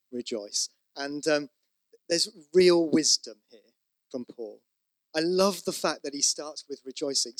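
A man's voice: a little high, dry recording. Emphatic man preaching a sermon. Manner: emphatic, builds to loud repeated exhortations; conversational asides with fillers. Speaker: pastor.

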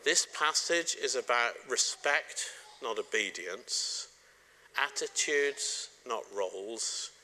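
Bright-voiced man preaching to a congregation. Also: mid-range voice, lively intonation, slow, a little hiss or hum. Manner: warm, joking, direct address to the congregation. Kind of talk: sermon.

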